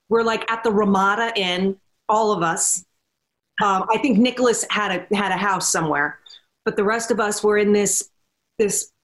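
A middle-aged woman shares set stories as a podcast guest. She talks in a loose, lively way, stumbling into restarts and slipping into little voices for the people she quotes, at an ordinary middle pitch. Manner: animated storyteller, acts out quotes, many restarts. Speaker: actress guest. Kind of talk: casual anecdote-telling.

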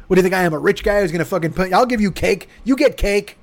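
A man in his fifties hosting his own podcast at home, voice hoarse from yelling, rambling with profane, self-mocking comic patter. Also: sits high, animated, fast talker. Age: 50s. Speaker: podcast host. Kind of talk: casual solo podcast monologue. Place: home room with air conditioner.

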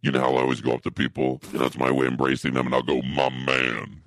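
Super deep robotic cool-guy voice, gravelly, rambles on, dry mic. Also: fairly even intonation, fairly bright tone, dry recording, full character voice. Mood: smug. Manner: drawn-out, rambling storytelling. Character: smooth-talking cool guy with a deep voice who says "my man". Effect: voice-lowering effect that sounds a bit robotic.

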